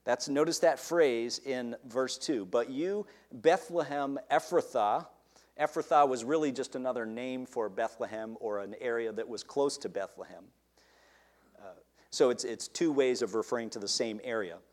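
A man's voice: medium pitch, moderate pace. A man preaching a sermon, asking his listeners questions and stressing key words.

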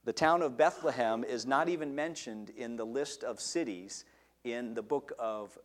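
A man's voice: mid-range voice, normal speed. A man preaching a sermon, asking his listeners questions and stressing key words.

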